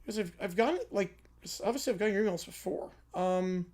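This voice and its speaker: A man's voice: high-pitched, fast talker. Brief: easygoing man running a live sports stream, talking to chat. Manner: relaxed, reads chat and emails aloud.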